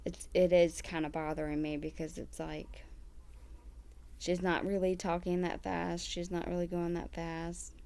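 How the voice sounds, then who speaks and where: Woman reacting to a video, slow gravelly drawl, rambling and incredulous. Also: fairly low pitch, little pitch movement, warm tone. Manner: incredulous, rambling, self-interrupting. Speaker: reaction commentator. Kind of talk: casual reaction commentary.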